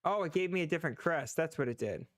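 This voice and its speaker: A man's voice: a little high, animated, fast talker. A congested man casually commenting on his own gameplay, talking to himself in a chatty way. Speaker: gaming channel host. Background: loud game music.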